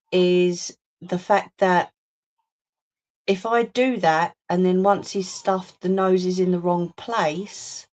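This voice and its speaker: Slow-talking chatty woman crafter. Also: medium pitch, darkish tone. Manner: chatty, answers viewer comments aloud. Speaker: crafting livestream host. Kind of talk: casual live chat while crafting. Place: home craft room, indoors. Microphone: phone or webcam on a livestream.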